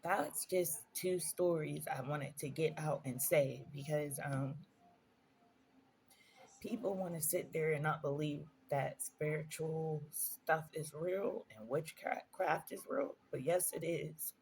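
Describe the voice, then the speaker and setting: A woman's voice: low voice, slow pace, darkish tone, slight background noise. A woman vlogger telling personal stories in a casual storytime monologue, earnest and emphatic, repeating phrases for stress.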